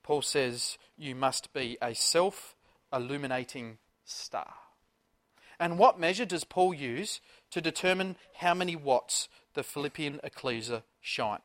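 A man preaching a sermon, passionate, firing rhetorical questions and swinging between loud and soft. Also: fairly high pitch, animated, a little slow. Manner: impassioned, rhetorical questions, big swings in loudness.

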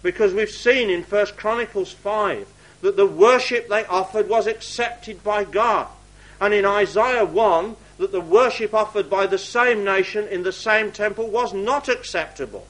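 A man preaching a sermon, reading scripture aloud in old wording and dropping to quiet asides to the congregation. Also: high-pitched, unhurried, rough recording.

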